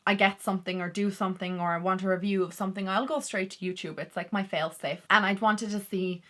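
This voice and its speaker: A woman's voice: mid-range voice, steady tone, fast, a bit bright. A woman chatting candidly to camera as a vlogger, full of "like" fillers. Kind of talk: casual talk to camera.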